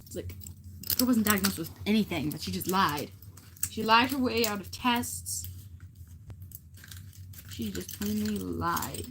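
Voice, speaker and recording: A woman's voice: medium pitch, measured pace, long pauses. A teenage girl livestreaming, chatting casually and rambling with lots of fillers. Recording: noisy stream audio.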